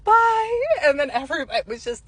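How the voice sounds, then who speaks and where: Bright, breathy woman telling a story. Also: on the high side, moderate pace, poor audio. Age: adult with a young son. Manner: animated, acts out quoted voices. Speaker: psychic medium. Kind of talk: casual storytime.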